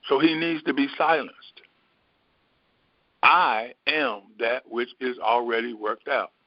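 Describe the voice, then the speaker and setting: Middle-aged man, mid pitch, reflective Bible teacher thinking aloud; dull dry lo-fi take. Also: steady tone, no room sound. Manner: unhurried, repetitive, musing aloud. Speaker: spiritual teacher.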